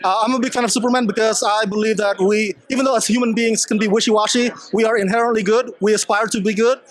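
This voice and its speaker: High-voiced, rapid interviewer man. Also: fairly even intonation. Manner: brisk, eager questioning. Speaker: entertainment interviewer, host. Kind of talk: red carpet interview questions. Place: red carpet premiere event.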